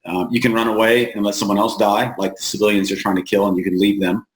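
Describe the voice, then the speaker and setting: A man from the United States, an interview guest, telling stories plainly and earnestly with halting restarts, slowing down to stress points. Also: fairly low pitch, little pitch movement. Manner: plain-spoken, halting restarts, slows for emphasis. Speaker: founder of an aid group, interview guest. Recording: roomy echo.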